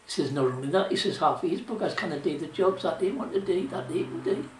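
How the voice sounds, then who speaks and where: Older geordie man, rambling oral history, fairly high voice, roomy echo, distant mic. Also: animated, quick pace, a little hiss or hum. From South Shields, England. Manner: rambling, colloquial, with fillers like "you know" and "like". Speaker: interviewee, former shipwright.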